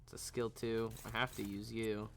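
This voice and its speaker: A man's voice: on the low side, little pitch movement, moderate pace, gravelly, soft background music. A man streaming a game, casually commenting on his moves and laughing often as he reacts to chat.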